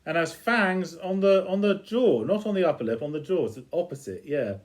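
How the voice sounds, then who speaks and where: A man reviews a TV episode in a casual retelling, chuckling often. His voice sits a little high and rises and falls a great deal. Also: lively intonation, a little fast. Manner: chuckles often between lines.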